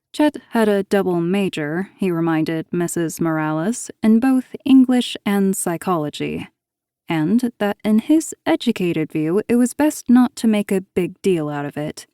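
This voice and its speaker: Woman narrator reading a thriller audiobook, warm mellow voice, dry close mic. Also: lowish voice, no echo.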